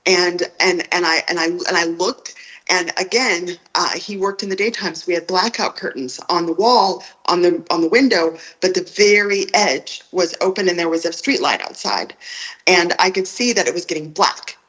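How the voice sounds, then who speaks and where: A woman on a phone call, recounting a personal story in a halting way, often repeating her words. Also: on the low side, a bit bright. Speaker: guest telling her own story.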